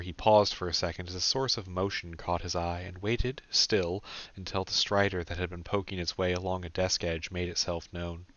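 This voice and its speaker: A man narrating his own audiobook in a brisk, matter-of-fact way. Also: low-pitched, fairly bright tone, dry recording, lo-fi sound. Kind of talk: scripted narration.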